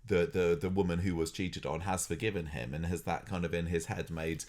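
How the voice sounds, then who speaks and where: A man with a very deep voice co-hosting a soap opera podcast, picking apart why the characters act as they do. He talks casually and thinks aloud, often circling back and restarting his sentences. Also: steady tone, a little fast, darkish tone. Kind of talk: casual chat.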